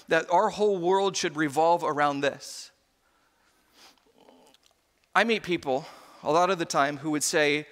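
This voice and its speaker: Animated preaching pastor, high bright voice. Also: male voice. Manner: animated, acts out quoted voices. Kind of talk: sermon. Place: church sanctuary. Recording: long hall reverb.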